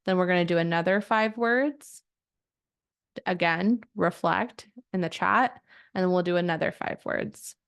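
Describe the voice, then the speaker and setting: Gentle woman guiding a somatic meditation. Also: fairly low pitch, creaky, smooth. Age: 30s. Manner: gentle, slow, inviting guidance. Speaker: coach leading a group call.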